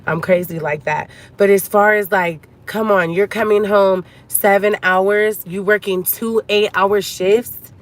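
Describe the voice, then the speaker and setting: A woman's voice: mid-range voice, fairly even intonation, unhurried, few pauses. A woman from a Cuban family, upset and near tears, venting to her viewers in an emotional storytime vlog, talking to them like girlfriends. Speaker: vlogger.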